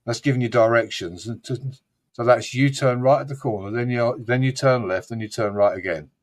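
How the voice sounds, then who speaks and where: A man hosting a loose live chat, talking at an ordinary pitch. He rambles from one story to the next, swears freely and slips into impressions of regional accents. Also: fairly quick. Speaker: host. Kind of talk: casual live-stream chat.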